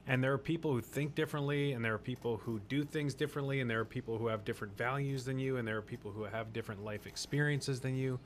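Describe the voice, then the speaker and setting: A man's voice: mid-range voice, fast, few pauses, slight background noise. A man hosting a faith-based podcast discussion, talking in an earnest, preachy way and repeating phrases for emphasis. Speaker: podcast host.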